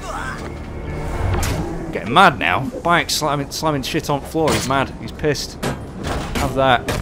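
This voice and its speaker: A man doing casual live commentary while playing, excitable, swearing often and chatting with his viewers. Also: medium pitch, measured pace, music in the background. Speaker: game streamer.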